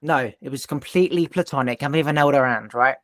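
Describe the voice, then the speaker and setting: A man's voice: mid-range voice, quick pace, a bit bright, no room sound, studio quality. A man hosting a podcast, telling a personal story in an intense, emphatic way and swearing now and then. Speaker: podcast host. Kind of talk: casual conversation.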